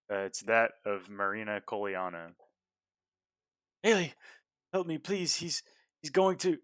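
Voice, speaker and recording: Lower, smooth-voiced male game master, halting delivery. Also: bright, forceful tone, dry recording. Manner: halting, full of fillers and restarts. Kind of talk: narrating a tabletop game.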